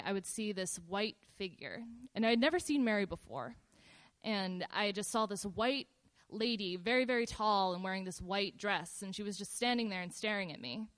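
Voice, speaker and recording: A woman casually telling a personal story in a relaxed, meandering way, with fillers and pauses. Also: mid-range voice.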